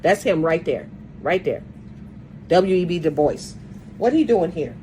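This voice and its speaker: A woman's voice: lowish voice, animated, unhurried, warm tone, a little hiss or hum, rough recording. A woman giving a casual, emphatic monologue to her viewers, repeating herself as she lectures them. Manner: often opens phrases with "see" and "look".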